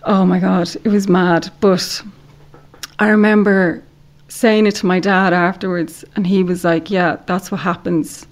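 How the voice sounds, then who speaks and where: Irish woman guest on a podcast, chatty storyteller, says like a lot, mid-pitched voice. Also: a little slow. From Ireland. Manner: animated storyteller, heavy use of "like". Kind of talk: casual interview storytelling.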